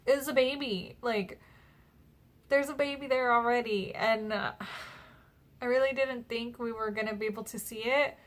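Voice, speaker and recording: Chatty young woman, fairly high voice. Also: a bit bright. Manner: chatty, retells conversations with many fillers. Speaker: vlogger. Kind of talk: casual personal vlog.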